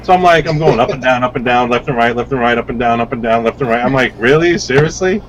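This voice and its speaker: A man tells a story in casual chat, his pitch in the middle of the range. He swears freely and acts out the quoted lines of other people. A faint hiss of noise sits behind his voice. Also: quick pace, low-quality recording. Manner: profane, animated, acts out quoted dialogue. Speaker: vape reviewer guest.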